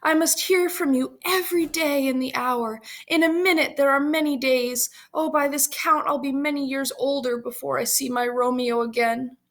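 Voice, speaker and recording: A woman's voice: fairly even intonation, moderate pace, few pauses, fairly bright tone. A woman reading the part of a young lovesick girl, pleading and emphatic. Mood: longing. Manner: pleading, rising high and emphatic.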